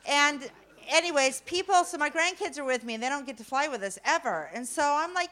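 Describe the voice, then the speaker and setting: A middle-aged woman with a slightly high voice spins a comic personal story for a crowd. She is animated and self-mocking, jumping from loud punchlines to hushed asides. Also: brisk. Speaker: speaker telling a story to an audience.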